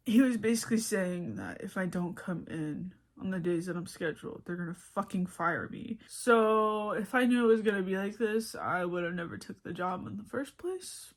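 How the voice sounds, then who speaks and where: A young woman vlogging, ranting bluntly and profanely about her work. She swings between loud venting and quiet mutters. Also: medium pitch, normal speed, hardly any pauses. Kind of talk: casual ranting vlog.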